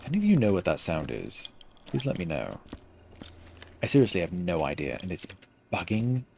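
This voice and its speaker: A man giving casual gameplay commentary into a headset, pausing often to find the next word. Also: low-pitched, huge pitch swings, gravelly, darkish tone, a little hiss or hum. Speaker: gaming streamer.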